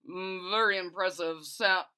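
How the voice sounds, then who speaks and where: A woman's voice: fairly low pitch, a little slow, bright, forceful tone, smooth. A woman voicing a prim, fussy young boy in a storybook read-aloud who mumbles corrections.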